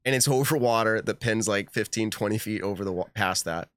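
A man hosting a live podcast in casual chat, animated and laughing often as he reads texts aloud. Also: fairly low pitch, fairly quick, no echo, clean studio sound. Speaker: podcast host.

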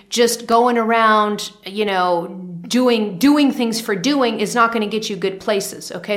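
A woman's voice: medium pitch, a bit bright. A woman giving a spiritual teaching monologue to camera, repeating phrases for emphasis and often checking in with okay.

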